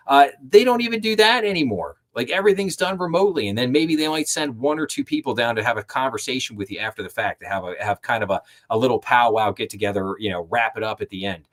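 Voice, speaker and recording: A man's voice: mid-range voice, expressive, quick pace, hardly any pauses. A man hosting a live finance stream, reading news items aloud and breaking off into skeptical, sarcastic asides. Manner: sarcastic, skeptical asides between read-out passages. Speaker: host.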